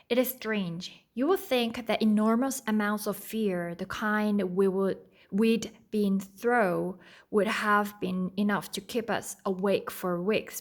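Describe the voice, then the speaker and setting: A woman, a native Korean speaker, reading a children's book aloud at an unhurried pace, stopping to explain and sometimes stumbling. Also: medium pitch. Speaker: read-aloud tutor. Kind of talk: storybook read-aloud with explanations.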